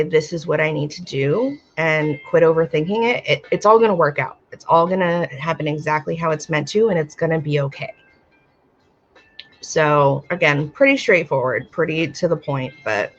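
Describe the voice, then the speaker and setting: A woman's voice: sits low, highs cut off, slight background noise. A woman hosting a casual live-stream oracle card reading, calling her viewers my dear and my love while fighting allergies. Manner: warm-hearted, calls viewers my dear and my love. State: itchy eyes and sneezing from allergies. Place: home, live video stream.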